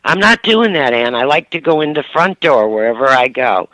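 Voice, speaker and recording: A woman voicing her cranky, blunt elderly mother in a sharp, scolding, exasperated way. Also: very deep voice, expressive, normal speed, no room sound, poor audio.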